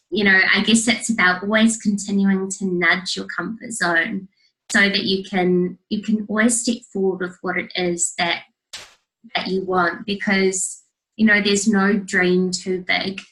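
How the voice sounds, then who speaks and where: A woman's voice: medium pitch, pushed and bright, low-quality recording. A young woman, talking earnestly as a coaching guest in a casual interview, with many fillers. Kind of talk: casual interview chat over video call.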